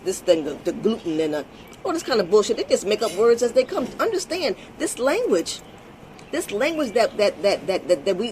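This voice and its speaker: A woman's voice: on the low side, noisy background. A woman hosting her own vlog, talking bluntly and emphatically in an unscripted monologue, swearing freely and repeating words as she restarts. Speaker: vlog host.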